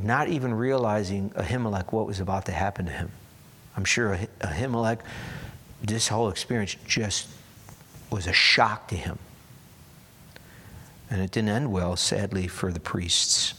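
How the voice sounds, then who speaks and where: A man's voice: lowish voice, moderate pace, long pauses, pushed and bright, breathy edge. A man preaching, retelling a Bible story in a conversational way and acting out the characters' lines.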